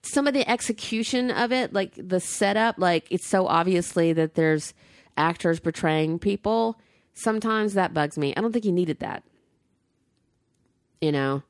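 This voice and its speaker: A woman's voice: lowish voice, a little slow, no room sound, clean studio sound. A woman co-hosting a casual chat show, talking loosely with frequent fillers and laughs. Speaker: podcast co-host.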